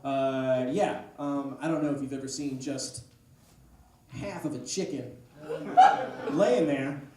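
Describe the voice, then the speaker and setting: A man doing a stand-up comedy set, telling a rambling story with deadpan asides. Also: medium pitch, slow pace. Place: comedy club stage. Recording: echoey room, distant mic, noise. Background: audience laughter.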